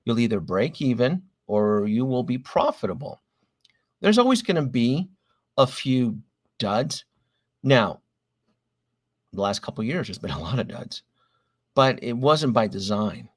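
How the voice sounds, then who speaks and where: A man's voice: mid-range voice, sing-song, unhurried, long pauses. A man hosting a casual livestream about collectible figures, talking in a rambling, chatty way and often apologizing to his viewers.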